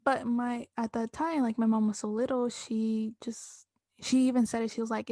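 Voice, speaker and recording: A woman's voice: on the high side, steady tone, moderate pace, a little mellow, no echo, studio quality. A young adult woman co-hosting a podcast, chatting casually in a slangy way full of swearing and "dude" and "bro", and telling family stories with energy. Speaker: podcast co-host. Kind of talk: casual chat.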